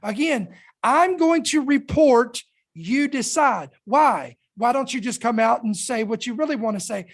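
Emphatic higher-pitched woman podcast host. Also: lively intonation. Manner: emphatic, dramatic pauses, slow deliberate emphasis. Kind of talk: reading and commenting on news.

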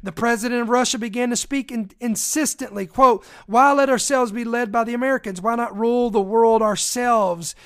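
An emphatic preacher speaks in a middle-pitched voice, reading accounts aloud and stopping often to talk straight to the listeners. The delivery has the call-and-response push of a sermon. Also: moderate pace, hardly any pauses. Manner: emphatic, addresses listeners directly with asides.

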